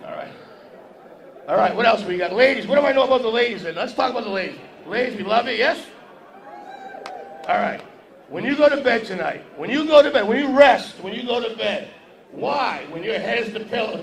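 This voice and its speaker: This stand-up comic has a high, gravelly voice and mocks the crowd in a brazen, playful style. He's on an event hall stage with a podium before a live audience, recorded in an echoey room with crowd sounds.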